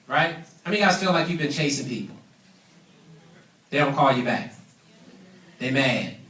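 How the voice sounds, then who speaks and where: A man's voice: mid-range voice, lively intonation, normal speed, fairly bright tone. A man giving an emphatic business training talk to a live audience, preaching his points and calling for responses. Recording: echoey room, mic at a distance.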